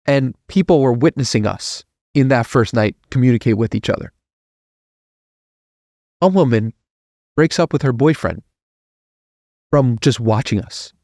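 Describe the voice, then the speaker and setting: A man guesting on a podcast, telling a personal story in an earnest, heartfelt way that grows animated. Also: medium pitch, measured pace, long pauses, no echo, clean studio sound.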